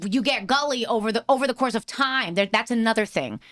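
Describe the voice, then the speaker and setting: A woman's voice: a little high, fairly quick, fairly bright tone. Chatty woman hosting a comedy podcast. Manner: chatty, playful, explains things like a teacher. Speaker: podcast host. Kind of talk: casual podcast chat.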